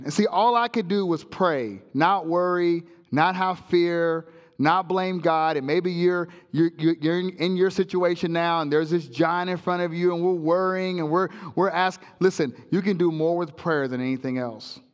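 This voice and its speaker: A male pastor preaching a sermon, telling a comic story with sound effects in an animated way. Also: high voice, moderate pace, in a large hall, highs cut off. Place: church sanctuary.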